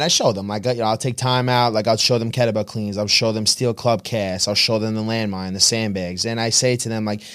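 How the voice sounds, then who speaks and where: A man's voice: fairly low pitch, fairly quick, few pauses, a bit bright. A man with a New York accent, a gym owner and coach talking casually in an interview, blunt and swearing, acting out his clients.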